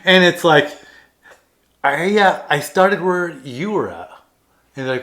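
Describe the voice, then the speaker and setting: A man's voice: mid-range voice, animated, fairly quick, pauses often, pushed and bright. A man in his thirties, co-hosting a podcast in casual chat, telling rambling, self-deprecating stories with plenty of fillers and restarts. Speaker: podcast co-host.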